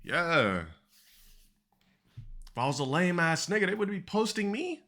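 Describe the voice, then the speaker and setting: A man's voice: high voice, sing-song, unhurried, sharp tone. A man chatting casually on a live stream, profane and boastful, laughing between remarks.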